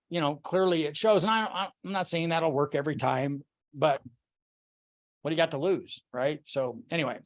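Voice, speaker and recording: On a casual sales team call, a man with a voice on the high side retells an exchange with a client and coaches his team. He's candid and swears freely.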